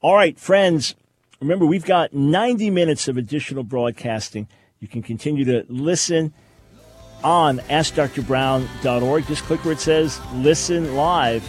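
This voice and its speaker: Male radio talk host, energetic and emphatic, dry studio sound. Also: a little high, moderate pace, slightly rough, no room sound, soft background music. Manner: energetic, emphatic, with frequent restarts. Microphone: studio microphone.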